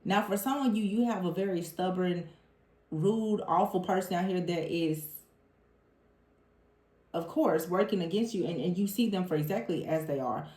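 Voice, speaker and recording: A woman giving a tarot reading to her viewers in an animated, exasperated way, mimicking the people she talks about. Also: fairly low pitch, moderate pace. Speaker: tarot reader. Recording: roomy echo.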